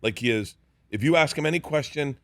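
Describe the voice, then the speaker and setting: A comedian telling lively stories in a studio interview, laughing and acting out the other people in them. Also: male voice, a little high, fairly quick, no room sound. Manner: animated, laughing, acts out voices in his stories. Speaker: comedian guest. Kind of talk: casual storytelling interview.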